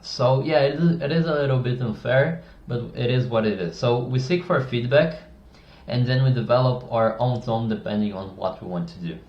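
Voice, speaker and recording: Outspoken male creator, mid pitch, casual advice to camera, echoey dull-sounding room. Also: normal speed. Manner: blunt, opinionated, with many restarts.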